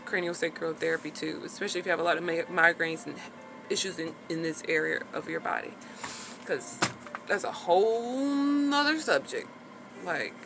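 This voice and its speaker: Woman vlogger, frank and chatty, bright forward voice, casual talk. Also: on the low side, a little hiss or hum. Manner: frank, chatty, peppered with "like" and swearing. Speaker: vlogger sharing her recovery after birth. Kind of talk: casual personal vlog talk.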